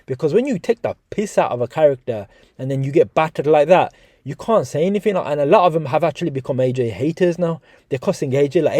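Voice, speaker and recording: A man's voice: fairly high pitch, fast talker, no echo. A man giving casual, swearing boxing reaction commentary to his viewers. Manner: swearing, animated, talks to viewers as guys. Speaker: boxing YouTuber.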